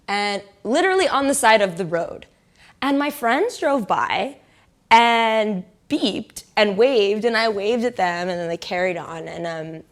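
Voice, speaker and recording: A young woman tells a personal story in a loose, chatty way, filling her speech with "like" and breaking into laughter often. Her voice sits at an ordinary middle pitch, and at tender moments it falls to a soft whisper. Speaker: interviewee.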